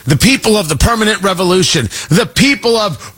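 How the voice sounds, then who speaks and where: A man's voice: sits high, animated, fairly bright tone, slightly rough. Emphatic, mocking male talk radio host. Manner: emphatic, mocking, drawn-out stresses. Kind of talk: political commentary monologue.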